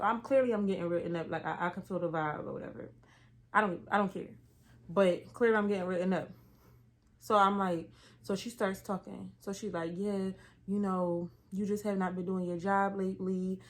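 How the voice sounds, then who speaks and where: Young woman vlogger, animated storytime delivery, talks right to the camera. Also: medium pitch. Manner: animated, slangy, talks straight to viewers. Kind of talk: casual storytime.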